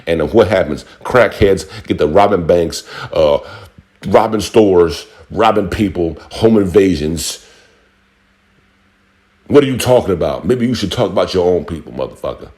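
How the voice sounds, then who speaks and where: Deep-voiced man on a heated rant. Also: animated, moderate pace, a little mellow. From Buffalo, New York. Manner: heated and profane, mocking quoted voices. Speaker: vlogger. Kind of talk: angry rant to camera.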